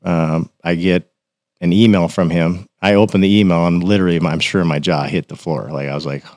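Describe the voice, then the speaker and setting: A man's voice: low-pitched, a little fast, dry recording. A man telling casual stories as a podcast guest, acting out what others said in a raised voice. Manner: animated, acts out quotes in a raised voice. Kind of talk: casual storytelling.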